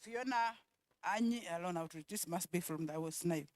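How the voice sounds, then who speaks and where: A woman presenting at a conference, calling out attendees' names one by one and repeating each, with quiet asides in between. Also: on the low side, brisk, no room sound. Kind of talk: roll call at a conference.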